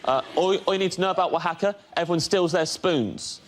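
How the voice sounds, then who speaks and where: A man's voice: high-pitched, fairly quick, a faint crowd. A man doing a stand-up bit on a panel show with a wry, offhand delivery. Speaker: comedian. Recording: studio audience noise behind.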